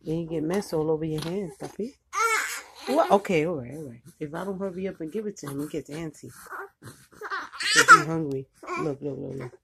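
A woman's voice: sits low, animated, a little fast, background noise. An older woman, a grandmother, chatting playfully and cooing at her grandson while feeding him. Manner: playful, cooing and teasing at the baby. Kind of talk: casual talk while feeding a baby.

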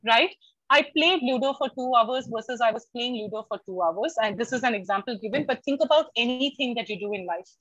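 A woman with an Indian English accent giving an online university lecture, lively and expressive, slipping into Hindi for everyday examples. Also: a little high, brisk, no echo. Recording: dry, dull lo-fi online call.

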